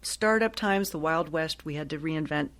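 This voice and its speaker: Lively, chatty woman in her sixties, lowish voice. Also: moderate pace. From Ohio. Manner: lively, chatty, laughs often. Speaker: guest, actress and voiceover artist. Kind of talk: casual interview storytelling.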